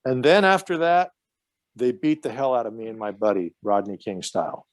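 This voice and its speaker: A man's voice: medium pitch, very animated, normal speed, no echo. A man telling stories as a podcast guest in casual chat, profane and rambling with many restarts.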